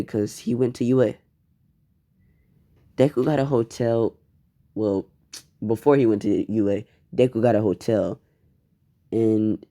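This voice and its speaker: A man's voice: medium pitch, warm tone. A man narrating improvised fan fiction in a casual, rambling, profane way. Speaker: fan storyteller.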